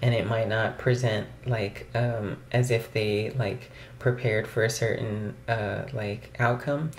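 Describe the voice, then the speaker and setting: A man's voice: lowish voice, steady tone, slow pace, a little hiss or hum. A young man talking casually to his camera at home as a vlogger, rambling with lots of fillers. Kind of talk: casual vlog talk to camera. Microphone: camera mic. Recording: roomy camera audio.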